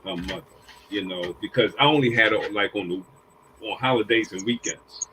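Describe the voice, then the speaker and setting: Older man telling stories, bright forceful voice. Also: fairly low pitch, moderate pace, slight background noise, low-quality recording. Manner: acts out quoted dialogue with a raised voice; repeats and restarts phrases. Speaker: panel guest. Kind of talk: casual storytelling.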